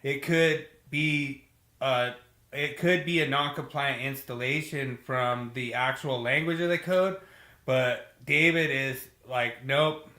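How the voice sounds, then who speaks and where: Bright-voiced, excitable male podcast host. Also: medium pitch, slow pace, reverberant. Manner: enthusiastic, says "dude" and "you know" a lot. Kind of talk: casual chat, reading listener comments.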